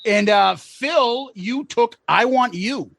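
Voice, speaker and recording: A man's voice: extremely high pitch, takes it slowly, creaky, fairly bright tone, no echo. A man co-hosting a music podcast in loose, jokey casual chat, swearing freely. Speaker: podcast co-host.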